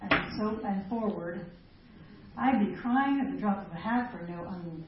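A woman's voice: mid-range voice, normal speed. Chatty middle-aged woman speaking in an echoey hall. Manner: chatty, self-mocking, laughs often. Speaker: women's ministry speaker. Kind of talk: live talk to a women's group. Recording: echoey hall, distant mic, dull lo-fi sound, faint noise.

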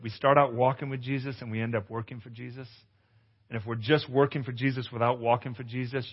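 At a conference, a male pastor delivers a testimonial sermon, telling his story with animation, acting out dialogue and crying out loudly. His voice is medium in pitch. The hall is echoey, and the sound is dull and lo-fi.

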